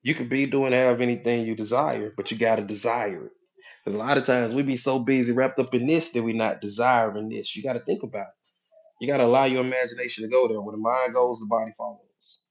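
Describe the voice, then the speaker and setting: A man's voice: mid-range voice, steady tone, fast, lo-fi sound. A man as a hypnotherapist and life coach giving a motivational talk, preachy and conversational, often checking in with his listeners.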